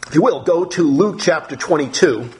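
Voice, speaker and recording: A male pastor preaching a sermon in an animated, emphatic manner, dropping low and soft for prayer. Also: normal speed, slight background noise.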